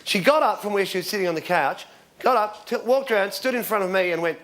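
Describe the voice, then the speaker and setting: High-voiced comedian in his forties, live crowd. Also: normal speed. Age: 40s. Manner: rambling deadpan storytelling with fillers and shouted punchlines. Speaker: stand-up comedian. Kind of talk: stand-up comedy routine. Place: comedy stage before a live audience. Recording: loud crowd laughter and applause, background noise. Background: audience laughing and clapping.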